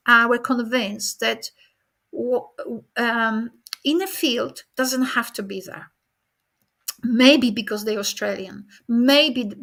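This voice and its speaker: High, bright-voiced woman giving a keynote. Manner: explanatory, with frequent rhetorical questions; addresses the audience directly. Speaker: keynote speaker. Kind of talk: conference keynote lecture.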